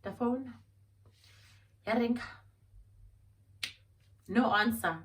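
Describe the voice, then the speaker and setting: A woman's voice: fairly high pitch, moderate pace, distant mic, a little hiss or hum. A young woman from South Africa with a South African accent, telling a dramatic storytime vlog and slipping local-language phrases into her English. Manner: animated, dramatic, mixes English with Xhosa and Zulu phrases. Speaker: vlogger.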